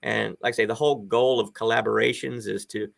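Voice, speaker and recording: A man's voice: on the low side, fairly even intonation, brisk, vocal fry. A man in his fifties, a guest on a live stream chat, talking casually and enthusiastically in a rambling way over a video call.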